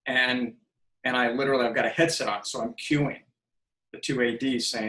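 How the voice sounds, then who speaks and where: In his fifties, this podcast guest tells stories casually in an interview, animatedly acting out the dialogue he quotes. His medium-pitched voice keeps a normal speed, and the rough recording sounds roomy.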